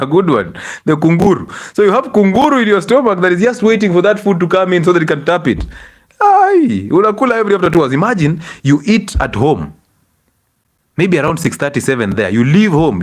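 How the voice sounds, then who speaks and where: Scolding his listeners through rhetorical questions, a middle-aged Kenyan doctor delivers a spirited health talk in Kenyan-accented English. He speaks at a fairly high pitch.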